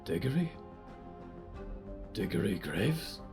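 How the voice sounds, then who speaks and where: A man's voice: on the low side, big pitch swings, slow, a little mellow, soft background music. Man voicing a stiff, formal stitched creature. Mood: stiff, uneasy. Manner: stiff formal speech without contractions. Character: stitched uncanny servant creature, formal, fearful.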